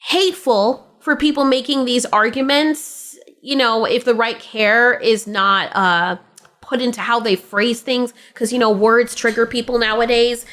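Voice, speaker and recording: A woman's voice: a little high, fairly bright tone. A woman giving blunt, sarcastic commentary, often laughing as she talks. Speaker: commentary host. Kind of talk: opinionated commentary.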